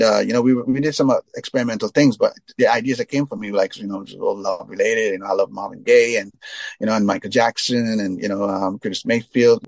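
A man from Trinidad, a reggae singer giving a relaxed interview, telling long stories packed with "you know" fillers. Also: medium pitch, no room sound. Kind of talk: casual storytelling interview.

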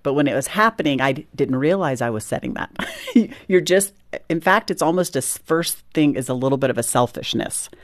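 Low-voiced mother recalling a hard day. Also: animated, brisk, dry recording, studio quality. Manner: earnest, reflective, laughs between lines. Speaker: interview guest, mother. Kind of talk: telling her story in an interview.

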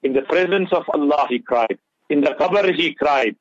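A man's voice: a little high, normal speed, no room sound. Man, radio preacher, impassioned, mixes in urdu and arabic phrases, dry close sound, lo-fi radio audio. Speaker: radio presenter giving Islamic advice. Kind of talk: earnest religious talk on radio.

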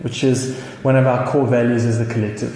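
A man's voice: medium pitch, little pitch movement, fairly quick, mellow. A South African man preaching a sermon, telling a story with chuckles and many restarts. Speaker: pastor. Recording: echoey hall with faint noise.

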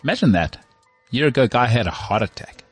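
A man co-hosting a casual sports podcast, animated and jokey, often slipping into mock voices. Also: medium pitch, quick pace, husky, dry recording, faint music behind. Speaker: podcast co-host.

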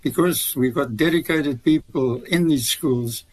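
A man's voice: a little high, unhurried, husky, poor audio. Older male guest, rambling anecdotal storyteller. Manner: rambling storyteller, many restarts. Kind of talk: radio interview.

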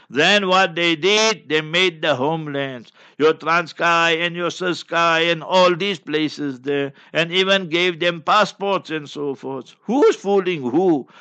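A man's voice: a little high, pushed and bright. A South African man, an Islamic scholar, giving fiery religious commentary in a combative, scornful way with many repeated phrases. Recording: dull lo-fi recording.

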